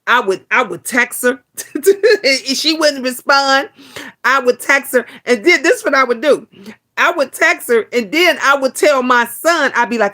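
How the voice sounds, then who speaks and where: A woman's voice: a little high, animated, normal speed, bright, forceful tone. Blunt, salty-talking woman livestreamer. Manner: blunt and profane, with many restarts and repeated words. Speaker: livestream host. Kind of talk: casual livestream chat reading viewer comments.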